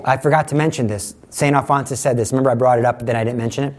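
A middle-aged man giving a conversational sermon, teaching with lively examples and acted-out quotes. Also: mid-range voice, very fast, slight background noise. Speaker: preacher.

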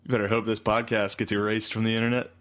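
A man with a fairly low voice bantering on a podcast. He teases his co-host with dry, crude jokes in loose, easy talk. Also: little pitch movement, quick pace, a bit bright. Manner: dry, teasing, profane.

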